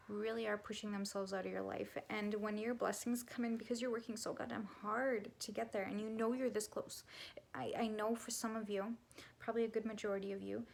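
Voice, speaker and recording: A woman's voice: medium pitch, gravelly. A young woman talking bluntly and candidly to camera, swearing freely and sometimes dropping to a whisper. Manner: raw and blunt, swears, drops to a whisper at times. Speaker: vlogger and spiritual coach. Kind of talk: candid confessional talk to camera.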